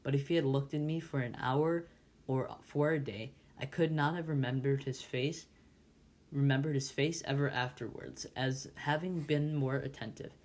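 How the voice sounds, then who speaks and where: A man's voice: medium pitch, steady tone, moderate pace, darkish tone. A man volunteer reading a classic novel aloud, with frequent stumbles and restarts. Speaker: volunteer reader.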